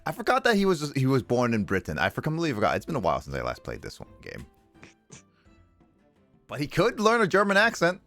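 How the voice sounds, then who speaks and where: A man's voice: mid-range voice, wildly swooping pitch, fast talker, a bit bright, soft background music. A man streaming a game, chatting casually and laughing at himself between lines. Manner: laughing, self-mocking. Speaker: livestreamer.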